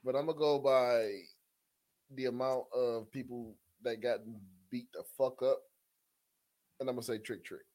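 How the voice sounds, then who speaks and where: A man's voice: medium pitch, fairly even intonation, measured pace, darkish tone, dry recording. A man co-hosting a podcast in casual chat, laid-back and exasperated, calling people bro. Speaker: podcast co-host.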